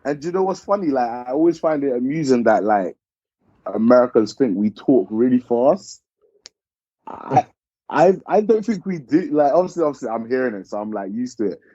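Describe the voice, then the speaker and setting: A man's voice: mid-range voice, lively intonation, moderate pace, warm tone, no echo, muffled recording. A man with a South London accent, chatting easily as a podcast guest, hedging as he talks. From South London, England. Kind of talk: casual chat.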